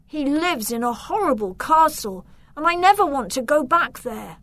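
A woman's voice: sits high, lively intonation, normal speed, a bit bright, no echo, voice pushed up. A woman voicing a brave young boy in a storybook reading, speaking earnestly.

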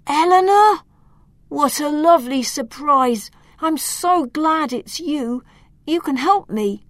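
A gentle, wounded male elf from a storybook, as a woman reader puts him on, pleading and urgent. His voice rises and falls in lively swings, and the dry, close sound keeps every word near. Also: fairly high pitch, measured pace, no echo, pitched above the performer's own voice. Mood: alarmed.

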